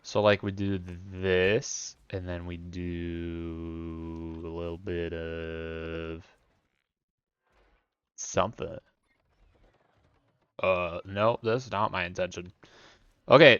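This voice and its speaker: Young guy streaming, low gravelly voice, rambly jokey commentary, kinda muffled dry mic. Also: a bit bright, no room sound. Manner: rambling, jokey self-mocking asides. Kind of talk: casual gameplay commentary.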